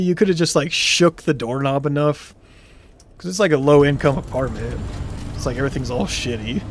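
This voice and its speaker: A man's voice: a little high, a little hiss or hum. A young man streaming, telling a story casually and reading chat comments aloud, laughing now and then.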